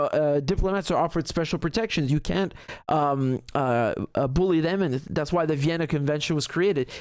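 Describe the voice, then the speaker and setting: A man's voice: on the high side, no room sound, studio quality. Indignant man hosting live commentary. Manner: indignant, emphatic, swears freely. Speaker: political commentary host. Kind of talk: live commentary on a video clip.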